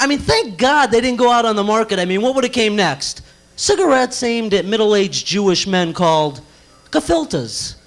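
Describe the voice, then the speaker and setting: Man, very high voice, young comic, nervous animated stand-up, small cafe stage. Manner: nervous, animated joke telling with sung bits. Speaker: stand-up comedian. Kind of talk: stand-up comedy routine.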